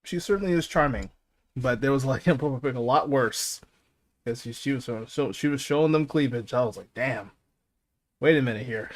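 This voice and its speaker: A male streamer chats casually on his podcast in a mid-pitched voice. He rambles, laughs often and swears freely, tripping over his words as he restarts sentences. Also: moderate pace.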